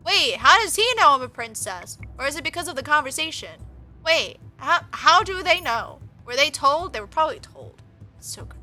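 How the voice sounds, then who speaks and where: Young woman streamer, high bright voice, excitable and sweary, reads a visual novel aloud. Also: normal speed, soft background music. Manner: excitable, swearing, gasping and laughing.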